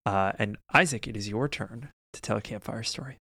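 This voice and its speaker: A man narrating a tabletop game as game master, relaxed and joking, laughing often. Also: on the low side, a little fast, gravelly, dry recording.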